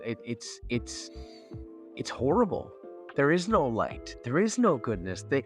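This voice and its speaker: A man co-hosts a relaxed hobby podcast, gushing with enthusiasm and laughing easily. His voice sits at an ordinary middle pitch, with faint music underneath. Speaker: podcast co-host. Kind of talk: casual hobby chat.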